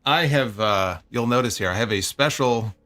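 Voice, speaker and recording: A man's voice: medium pitch, normal speed, pushed and bright, soft background music. A man co-hosting a casual livestream, wry and upbeat, joking as he gets things going. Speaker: podcast co-host.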